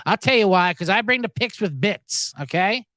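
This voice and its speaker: A man with a high, lively voice hosts a betting show, swinging all over his range as he jokes and swears. He rambles and trips over his own words, recorded close and dry with no room sound. It is loose, irreverent podcast talk. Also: normal speed, dry recording. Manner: rambling, profane, jokey; stammers and restarts. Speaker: sports betting podcast host. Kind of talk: casual podcast chat.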